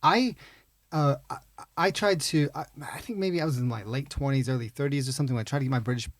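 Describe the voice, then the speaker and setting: A man co-hosting a podcast in a studio, wry and casual, often letting his sentences fade quietly at the end. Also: medium pitch, fast, no room sound. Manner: wry, trails off quietly at phrase ends. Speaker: podcast co-host.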